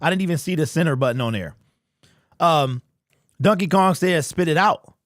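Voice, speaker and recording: A man's voice: a little high, lively intonation, normal speed, no room sound, studio quality. A man hosting a casual fan live stream, greeting chat members by name in loose, slangy talk.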